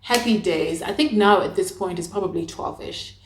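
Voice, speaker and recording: A young woman telling a personal story to camera in a chatty, dramatic way. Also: normal speed. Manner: chatty, dramatic, acts out her own past lines with big pitch jumps. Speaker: vlogger. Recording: echoey room.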